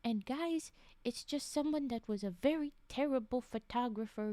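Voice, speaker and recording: A woman with a fairly high pitch but a dark tone reads spooky stories at normal speed, with no echo. On this casual live stream she often interrupts herself to chat, laugh, whisper asides and respond to chat.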